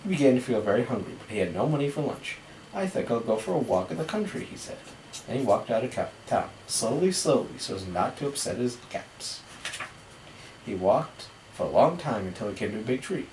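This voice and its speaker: A woman's voice: a bass voice, expressive, fairly quick, darkish tone, roomy sound. Woman, reading a picture book to a child, asides to the child, far from the mic, background noise.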